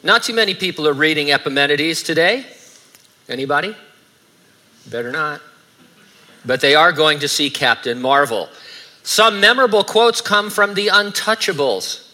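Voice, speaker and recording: Male pastor, middle-aged, conversational sermon, bright tone, dry wit. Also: on the high side, animated, moderate pace, pauses often. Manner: conversational preaching with dry asides.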